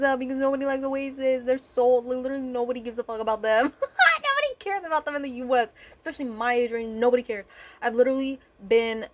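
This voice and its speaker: A woman's voice: a little high, brisk. A young woman vlogger chatting casually over painting footage, rambling and swearing, with lots of fillers.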